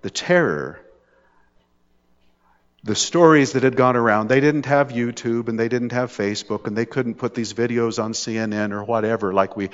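Man preaching in a long-reverb hall. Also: on the low side. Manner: conversational preaching with jokes, rising intensity on dramatic points. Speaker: pastor. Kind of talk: sermon. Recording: dull lo-fi hall recording.

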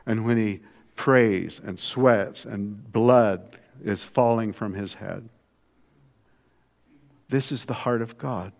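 A man preaching a sermon in a conversational way, swinging from soft, low asides to loud, emphatic lines. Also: slow pace, vocal fry, pauses often.

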